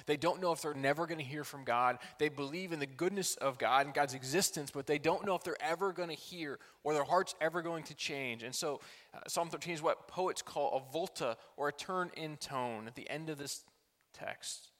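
A male pastor with a fairly high voice preaches earnestly in a church hall. His delivery swings from loud, pleading cries to soft, intimate confession. A long reverb trails behind every phrase. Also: moderate pace. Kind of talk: sermon.

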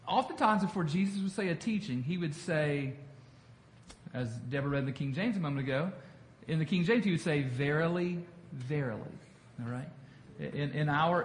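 High-voiced man teaching Bible study. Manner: conversational, repeats himself, asks the group questions. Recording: echoey room with faint noise.

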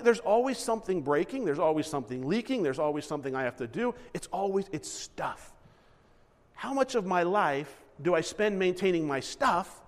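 A man's voice: a little high, big-room sound. A man preaching a sermon in a conversational style, acting out little asides and correcting himself mid-sentence. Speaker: pastor.

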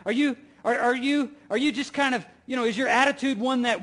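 Emphatic high-voiced male preacher. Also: a little fast, fairly bright tone. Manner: repeats key phrases, asks the listeners rhetorical questions. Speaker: pastor. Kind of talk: sermon.

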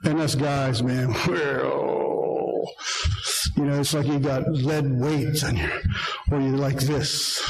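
A man's voice: on the high side, reverberant, low-quality recording. An older man preaching to men in an earnest, conversational way, telling self-deprecating stories from his own life. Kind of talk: sermon to men.

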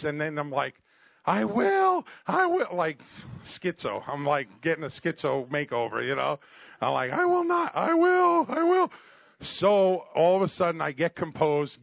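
Middle-aged male preacher, gravelly and a bit high, animated storyteller, dull dry recording. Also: no echo. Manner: animated, jokey, calls for amens. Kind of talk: storytelling sermon.

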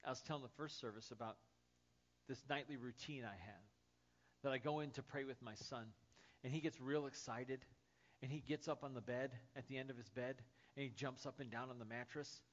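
A man preaching a sermon as pastor, dropping to soft, hushed lines and rising to loud, excited storytelling. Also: medium pitch, fairly quick, highs cut off.

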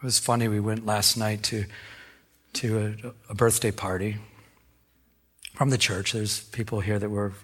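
A male pastor preaching a sermon, telling personal stories in an animated way and often restarting his sentences. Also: fairly low pitch, normal speed, long pauses. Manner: animated storytelling, self-correcting restarts.

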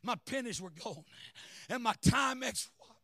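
A middle-aged man preaching a sermon, shouting and chanting, calling for amens from the congregation. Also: extremely high pitch, animated, a little slow, no room sound.

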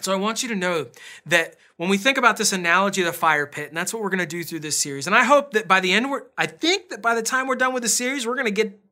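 A man preaching in a relaxed, conversational way, with a bright, clear tone. He slips easily into personal stories and pokes fun at himself between points. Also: high-pitched, fast talker. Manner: chatty and self-deprecating, with storytelling asides. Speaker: pastor. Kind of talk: casual conversational sermon.

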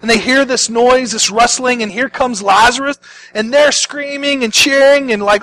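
High-voiced man preaching dramatically. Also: fairly even intonation, a little fast, rough recording. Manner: dramatic, swings from hushed to loud. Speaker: pastor. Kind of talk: sermon.

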